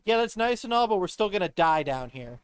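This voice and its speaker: A woman's voice: medium pitch, sing-song, brisk, background noise, natural voice. A woman voicing a sarcastic, dry-witted male ghost in a game. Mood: sardonic.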